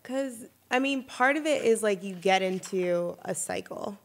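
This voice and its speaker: A young woman in her twenties co-hosting a casual chat, talking quickly with lots of "like" fillers. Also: medium pitch, vocal fry. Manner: chatty, many "like" fillers, animated. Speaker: co-host.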